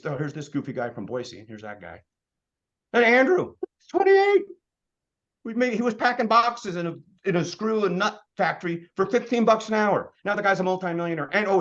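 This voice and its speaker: A man in his fifties giving an energetic motivational business presentation as a sales trainer, firing off rhetorical questions. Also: high voice, highs cut off. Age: 50s.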